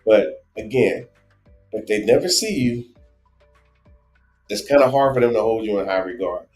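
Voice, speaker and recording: A man with a New Jersey accent co-hosting a casual travel live stream, rambling and animated with lots of restarts. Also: lowish voice, normal speed, echoey room, faint music behind. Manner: animated, rambling, many restarts and "you know". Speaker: travel show co-host.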